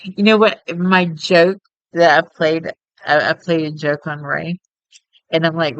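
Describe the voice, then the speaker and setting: A woman's voice: low-pitched, steady tone, measured pace, no echo, highs cut off. A woman, chatting casually and at length as a streamer while she plays a game. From Texas. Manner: chatty and rambling, with frequent laughter.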